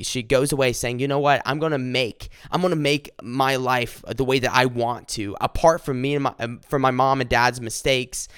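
A man's voice: medium pitch, a bit bright, smooth, no echo, studio quality. A young man giving an earnest devotional talk, often repeating words and phrases for emphasis. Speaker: devotional speaker.

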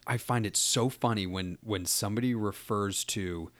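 A man co-hosting a casual podcast, trading dry, teasing banter. His voice sits fairly low and is recorded dry, with no room sound. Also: normal speed, dry recording. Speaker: podcast co-host. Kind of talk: casual chat.

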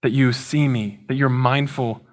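A man's voice: mid-range voice, fairly even intonation, a little slow, darkish tone. A young man preaching a sermon in a casual, conversational way, with playful asides. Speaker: pastor.

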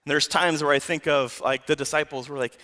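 A young man preaching a sermon in a casual, animated way, often saying "like" between thoughts. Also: fairly high pitch, a little fast.

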